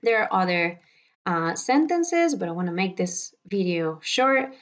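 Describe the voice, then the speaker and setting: A woman teaching from slides in a recorded lecture, walking through each point patiently and slowing down to model the words. Her voice sits a little low and her delivery is unhurried. The recording sounds dull and lo-fi. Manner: patient, explains step by step, slows down to model Spanish words. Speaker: Spanish teacher.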